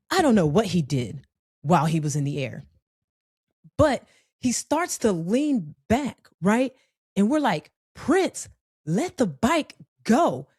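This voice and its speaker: A woman telling a personal story in a conversational, animated way, with frequent profanity. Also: on the low side, no room sound, studio quality.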